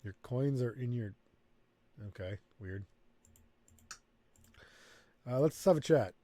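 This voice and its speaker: A man's voice: medium pitch, animated, slow, dark tone, no room sound. A man hosting a let's play, thinking aloud and reading game text in casual commentary.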